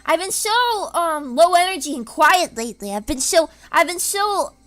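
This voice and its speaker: A woman's voice: very high voice, lively intonation, normal speed, a bit bright. A woman streaming casually from home, rambling in an erratic way and breaking into screams and laughs. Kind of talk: casual live-stream chat.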